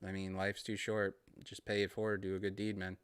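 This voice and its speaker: Low-voiced man with a Boston accent. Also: monotone, brisk, clear, resonant tone, no room sound. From Massachusetts. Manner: rambling, friendly, laughs between thoughts. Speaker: podcast host. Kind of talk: casual solo podcast monologue.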